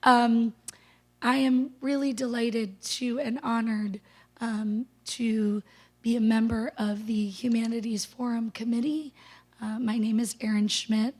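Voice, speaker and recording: A woman with a hoarse voice she has lost, giving a formal introduction of a guest lecturer into a handheld microphone, partly whispering. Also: a little high, mellow. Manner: apologetic, partly whispered delivery. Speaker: faculty member introducing the speaker. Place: lecture room.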